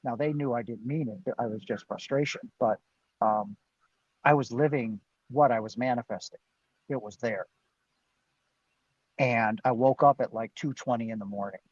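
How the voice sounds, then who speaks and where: A man's voice: medium pitch, moderate pace, long pauses, husky, no room sound. A middle-aged man speaking earnestly and with emphasis, checking in with "right?" as he tells his story. The sound is dull and lo-fi, close and dry, like a video call. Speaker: guest. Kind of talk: storytelling in a live-streamed interview.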